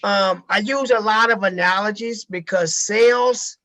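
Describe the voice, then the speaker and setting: High, bright-voiced man teaching sales. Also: unhurried. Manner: emphatic, repeats key phrases, swears casually. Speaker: sales trainer. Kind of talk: casual training talk to a group.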